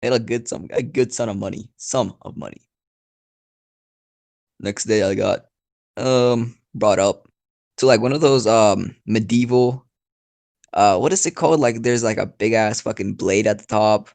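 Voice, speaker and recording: A man's voice: on the low side, unhurried, gravelly, long pauses, darkish tone. A man telling an improvised story in a rambling, profane, casual way, with frequent laughs. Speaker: storyteller YouTuber.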